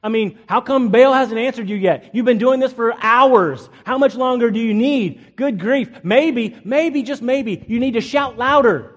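A man's voice: very high-pitched, normal speed, few pauses, a bit bright, big-room sound, pitched above the performer's own voice. A man voicing a male prophet who taunts and mocks his rivals with sarcasm. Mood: mocking.

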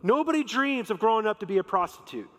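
A man's voice: high-pitched, expressive, fast talker, fairly bright tone. A man preaching a sermon in a conversational, emphatic way, acting out quotes. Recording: long reverb of a large hall.

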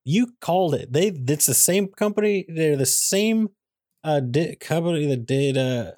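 A man's voice: a little high, lively intonation, a little slow, mellow, no echo, studio quality. A man co-hosting a casual comedic movie chat, teasing his co-host with mock exasperation. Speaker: podcast co-host.

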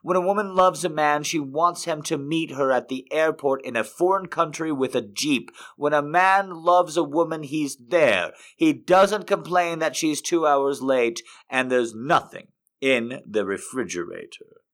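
A man hosting a show and reading poems aloud in an expressive way, lifting some lines and dropping others to a hush. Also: fairly high pitch, unhurried. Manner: expressive reader, swings between lifted and hushed phrases. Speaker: host. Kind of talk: poetry reading.

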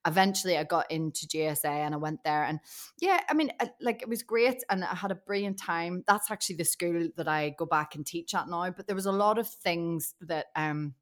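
Woman, podcast guest, animated storyteller, low-ish voice, casual chat. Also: fairly quick. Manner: animated storyteller, laughs often.

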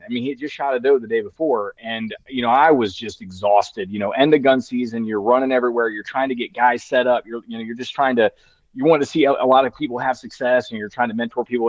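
A man's voice: mid-range voice, no echo. A man in his thirties telling a long story in casual chat, full of "you know" fillers and restarts. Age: 30s. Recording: dry, slightly dull sound.

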